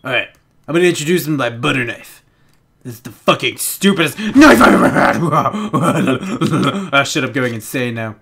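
A young man giving casual let's play commentary, excitable and giggly, with panicky outbursts and a lot of swearing. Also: medium pitch, moderate pace, gravelly, a little hiss or hum. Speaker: gaming channel host.

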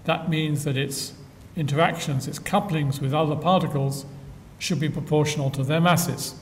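An older man giving a public science lecture with dry humor and frequent filler pauses, recorded in a lecture hall from a distance. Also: fairly even intonation. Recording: echoey hall from far off, faint rumble.

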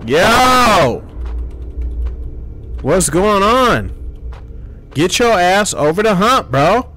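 A man giving loud, profane horror game commentary as a gaming streamer, trash-talking at the screen. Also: sits high, big pitch swings, very slow.

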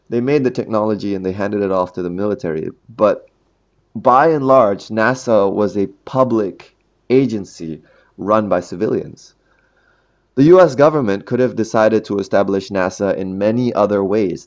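A man with a deep, darkish voice hosts a history podcast as a casual monologue. Jokey and chatty, he laughs at his own puns.

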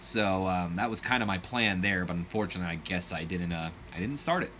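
A man's voice: deep voice, fairly quick, noisy background. A man narrating a wrestling sim in a rambling, self-correcting way, laughing at his own slips. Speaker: game commentator. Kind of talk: let's play narration.

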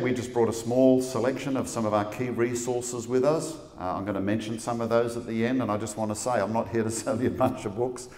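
A middle-aged Australian man speaks from a stage in a large hall, relaxed and joking as he lectures. His voice sits a little low, and it rings with a long, roomy reverb. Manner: laid-back, joking, quick-talking. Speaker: guest speaker. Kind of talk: public lecture.

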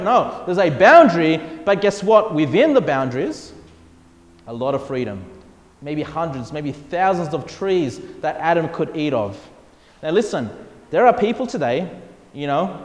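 A man preaching a sermon as a pastor, reading scripture and acting out voices in prayers. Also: sits high. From Australia. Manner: animated preaching, acts out God's voice and people's prayers. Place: church hall. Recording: echoey church hall.

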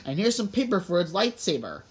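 A woman's voice: on the low side, sing-song, a little fast. A woman voicing an earnest, odd schoolboy who speaks solemnly, in an audiobook reading.

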